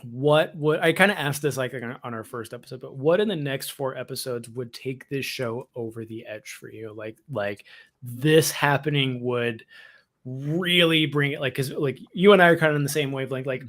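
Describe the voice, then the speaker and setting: A man hosting a live podcast discussion, talking in a rambling, animated way with frequent restarts. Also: medium pitch, moderate pace. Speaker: podcast host.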